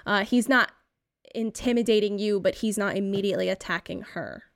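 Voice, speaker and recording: A woman running a tabletop game, narrating scenes in a relaxed, descriptive way. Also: medium pitch, a little fast, dry recording, studio quality. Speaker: game master.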